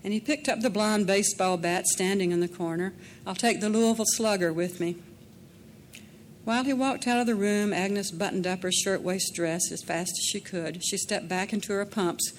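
A woman narrating a dramatic story in a measured way, slowing down in tense passages. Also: medium pitch, a little hiss or hum. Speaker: audiobook narrator.

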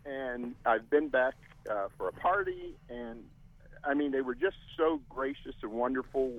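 A middle-aged man calls in to a radio talk show. He talks in a hesitant, halting way, restarting sentences and filling pauses with "uh". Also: medium pitch, big pitch swings, narrow, tinny audio. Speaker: caller. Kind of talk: call-in radio chat.

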